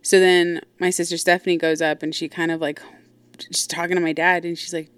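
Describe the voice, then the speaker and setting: A woman's voice: lowish voice, flat delivery, fairly quick, clear, resonant tone, no room sound. A woman host telling a personal story casually, blunt and profane, with lots of asides. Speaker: podcast host.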